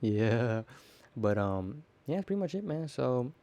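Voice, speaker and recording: A man's voice: medium pitch, very animated, moderate pace, mellow, lo-fi sound. A teenage boy hosting his own podcast, talking off the cuff in a rambling way, repeating words and acting out bits of dialogue. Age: teens. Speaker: podcast host. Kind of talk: casual solo podcast monologue.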